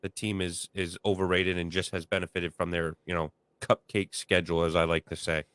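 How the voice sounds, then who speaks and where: A man with a very deep, smooth voice gives blunt opinions as a co-host on a casual sports talk show. He leans on fillers as he talks, and the sound is close and dry. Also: little pitch movement, a little fast, a bit bright, no echo. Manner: opinionated, lots of fillers like "you know".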